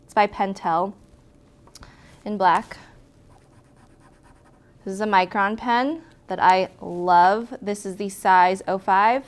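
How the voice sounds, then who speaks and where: A woman's voice: mid-range voice, takes it slowly, pauses often. Female art instructor, casual and encouraging, talks through each step as she demonstrates. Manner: chatty, encouraging, self-correcting as she demonstrates. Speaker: lettering instructor. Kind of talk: casual hands-on tutorial.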